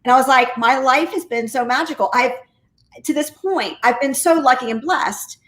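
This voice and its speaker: A high-pitched woman tells her story with enthusiastic, high-energy drive. She is a real estate agent and an interview guest, chatting casually. Her voice bounces around a roomy, echoing space. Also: moderate pace, a bit bright. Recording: roomy echo.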